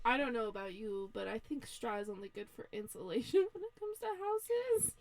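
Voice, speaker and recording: A woman co-hosting a podcast, chiming in with quick jokes during casual chat. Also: a little high, lively intonation, a little mellow, no room sound. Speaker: podcast co-host.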